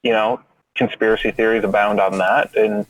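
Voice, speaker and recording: A man's voice: fairly low pitch, little pitch movement, moderate pace, dull audio, a crowd in the background. A man co-hosting a podcast, chatting casually in a wry, skeptical way. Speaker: podcast co-host. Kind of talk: casual chat.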